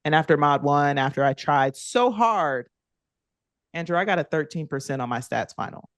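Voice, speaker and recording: A woman in her thirties, a former athlete, telling lively stories as a podcast guest and acting out quoted kids in higher voices. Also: moderate pace, no echo. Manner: animated, acts out quoted kids in higher voices, laughs often. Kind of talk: conversational storytelling interview.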